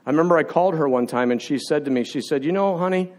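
A man's voice: mid-range voice, rapid-fire. A man preaching a sermon in an impassioned, confessional way, building through repeated phrases.

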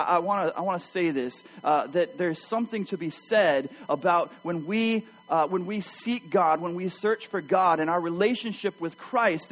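A man preaching a sermon to his church, telling a personal story with animated energy and addressing the congregation directly. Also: high-pitched, low-quality recording. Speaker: pastor.

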